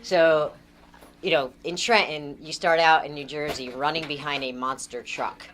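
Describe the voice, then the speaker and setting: Low-voiced woman telling a lively story. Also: normal speed, crowd noise. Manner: animated, laughs often while telling the story. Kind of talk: casual storytelling.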